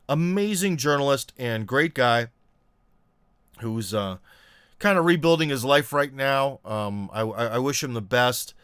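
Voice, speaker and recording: A man with a smooth, clear voice and a middle pitch talks in a loose, rambling way, full of pauses and restarts. He is from the United States and hosts a casual commentary channel. The sound is dry and close. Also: a bit bright, no echo. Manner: rambling, many fillers and restarts. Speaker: host.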